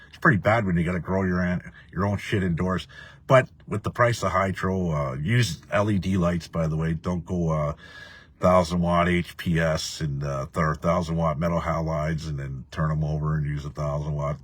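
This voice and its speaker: Deep husky-voiced man ranting. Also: dry recording. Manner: profane, rambling, laughs often. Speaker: livestream host reading viewer comments. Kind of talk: casual ranting live chat.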